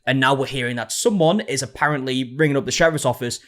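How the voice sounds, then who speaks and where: A man at an ordinary middle pitch talks through an online drama story. He recaps the events and reads out viewer comments in a relaxed, conversational way. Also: quick pace. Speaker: commentary host.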